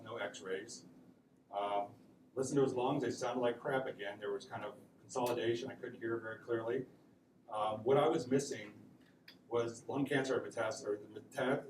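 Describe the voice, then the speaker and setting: A man giving a casual classroom lecture, often checking in with "right?" as he tells stories. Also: mid-range voice. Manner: casual, conversational, peppered with "right?". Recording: echoey room mic from far off, noisy.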